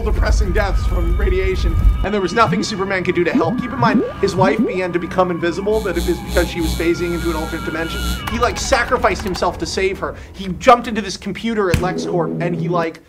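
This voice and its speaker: Excitable, foul-mouthed male storyteller. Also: sits high. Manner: excitable, profane, jumps into shouting. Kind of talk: comedic storytelling. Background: music.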